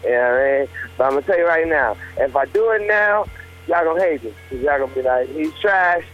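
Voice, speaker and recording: A young man from Las Vegas talking in a relaxed, easygoing way as an interview guest. His voice sits at an ordinary pitch for a man, and he drops "you know" and "man" as he goes. Faint music plays underneath. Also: fast, dull audio. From Las Vegas, United States. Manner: laid-back, loose, sprinkled with "you know" and "man". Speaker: rapper guest. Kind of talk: casual interview chat.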